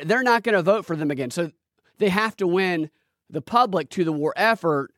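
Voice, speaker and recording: Man, podcast host, sarcastic, rambling, slightly high voice, dry sound. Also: dry recording. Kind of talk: political commentary podcast.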